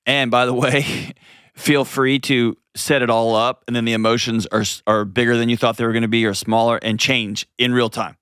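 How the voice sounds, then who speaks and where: A man hosting an advice call-in show, talking in an earnest, gently coaching way and often restarting his sentences. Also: medium pitch, little pitch movement, moderate pace, smooth, dry recording, studio quality. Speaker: host.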